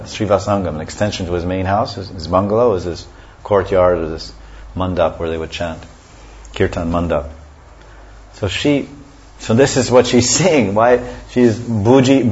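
A man giving a scripture class, explaining verses and sometimes chanting them. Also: fairly low pitch. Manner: explanatory, often chants verses and laughs softly. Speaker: religious teacher. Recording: dull lo-fi recording.

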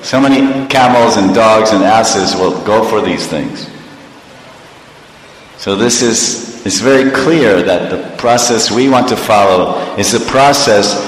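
An older man giving a sermon as a spiritual teacher, ironic and repetitive, with rhetorical questions. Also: mid-range voice. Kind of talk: sermon to an audience. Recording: echoey hall reverb.

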